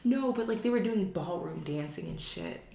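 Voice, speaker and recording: A young woman in a relaxed casual chat, throwing out suggestions and swearing now and then. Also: mid-range voice, normal speed, gravelly, roomy sound.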